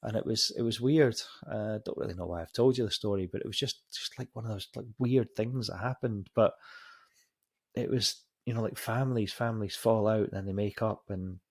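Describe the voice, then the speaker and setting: A man's voice: lowish voice, brisk, darkish tone, husky. A man, a podcast host, telling a story in a casual and rambling way and swearing freely.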